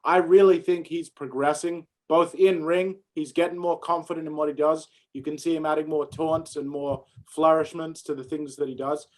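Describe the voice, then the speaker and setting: A man's voice: a little high, flat delivery, moderate pace, few pauses, a little mellow. A man co-hosting a wrestling review, easygoing and agreeable, sharing opinions in casual chat. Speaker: co-host of a wrestling review show.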